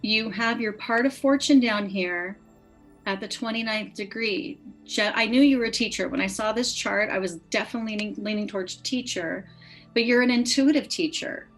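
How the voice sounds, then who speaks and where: A woman's voice: medium pitch, moderate pace, faint music behind, rough recording. A woman astrologer reading a birth chart, speaking in an earnest, encouraging way.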